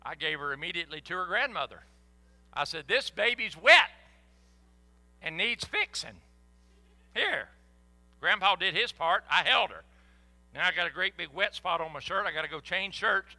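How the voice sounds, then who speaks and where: Older preacher man, loud whoops, sharp tense tone, big echoey church. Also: a little high, a little fast, soft background music. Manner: animated, folksy, with sudden whoops. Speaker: pastor. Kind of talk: sermon. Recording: echoey hall.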